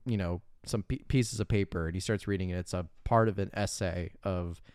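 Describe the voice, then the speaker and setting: A man with a smooth, resonant, lowish voice chats loosely through a movie recap. He stumbles through restarts and fillers and laughs easily. The sound is dry and close, with no room echo. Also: steady tone, darkish tone. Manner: rambling, many fillers and restarts, quick to laugh. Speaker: podcast co-host. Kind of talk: casual movie-recap chat.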